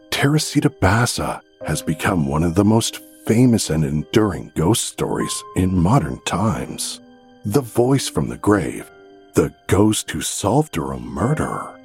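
A man's voice: deep voice, darkish tone. A man hosting a podcast, reading a scripted true-story narration in a solemn storytelling manner. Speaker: podcast host.

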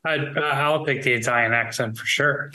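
A man's voice: mid-range voice, fairly even intonation, moderate pace, sharp tone. A man co-hosting a comedy podcast, trading crude, playful banter. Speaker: podcast co-host. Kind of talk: casual comedy podcast chat.

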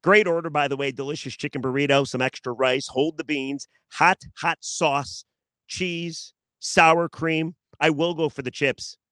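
A man's voice: fairly high pitch, steady tone, moderate pace, hardly any pauses, a bit bright, no room sound. A man hosting a solo sports podcast, chatty and joking, repeating himself for emphasis.

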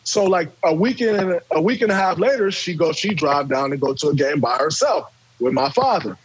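A man from Michigan, a guest on a podcast, telling a story in an animated, profane way and acting out the quotes. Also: fairly high pitch, brisk, husky, no room sound, highs cut off. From Michigan, USA. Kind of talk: casual podcast chat.

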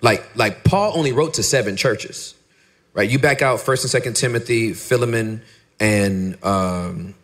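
A middle-aged man, a pastor and podcaster, talking candidly in an interview and acting out his stories with lively dialogue. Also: measured pace. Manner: animated storyteller, acts out dialogue in a high voice.

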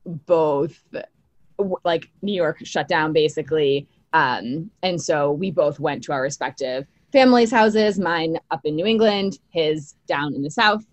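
A young woman telling a long personal story in casual chat, full of fillers and quick laughs. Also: low-pitched, dry recording, lo-fi sound. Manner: chatty, many fillers, laughs easily. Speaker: podcast guest.

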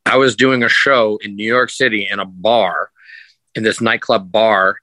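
A podcast guest who works as a sideshow performer tells rambling, animated stories in a lowish voice at normal speed, loudly acting out others' remarks. It's a rough recording with no room sound.

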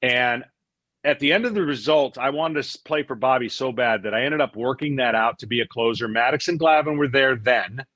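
A middle-aged man, a former pitcher, telling stories in a casual interview; he acts out what people said and often repeats words as he goes. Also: a little fast, dry recording. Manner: animated storyteller, acts out quotes, repeats words.

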